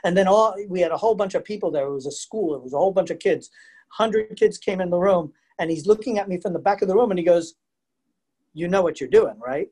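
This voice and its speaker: Talking fast in a high voice, a man hosts a museum program's live online lecture over a video call's computer mic, lively and conversational, telling stories and quizzing his listeners.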